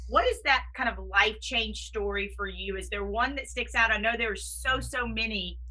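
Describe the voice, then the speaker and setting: A woman's voice: a little high, normal speed, sharp tone, low-quality recording. A woman hosting an interview podcast, talking in an effusive, encouraging way and asking her guest questions. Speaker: podcast host. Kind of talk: conversational interview.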